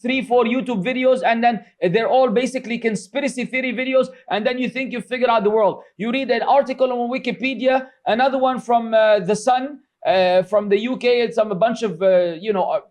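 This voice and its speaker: A strikingly high-voiced middle-aged man gives an informal religious lecture. He scolds and mocks, and his delivery is loose and chatty, full of fillers. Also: steady tone, a little fast, hardly any pauses, darkish tone. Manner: sarcastic, scolding, mocks critics in quoted voices. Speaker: religious teacher.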